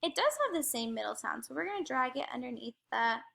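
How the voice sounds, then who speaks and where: A young adult woman teacher slowly modeling letter sounds in a phonics lesson. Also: high-pitched, lively intonation, creaky, bright, forceful tone. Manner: slow, careful modeling of sounds.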